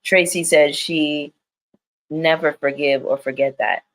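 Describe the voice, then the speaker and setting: A woman's voice: deep voice, fairly even intonation, measured pace, low-quality recording. A woman reviewing reality TV on a live stream, talking straight to her viewers in a candid, slangy and profane way. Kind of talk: casual live-stream chat.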